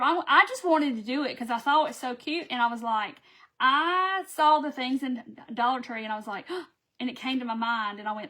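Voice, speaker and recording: A high-pitched woman chats casually through a live craft stream. She is warm toward her viewers and reads their names aloud as she goes. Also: normal speed. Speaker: craft seller hosting a live video.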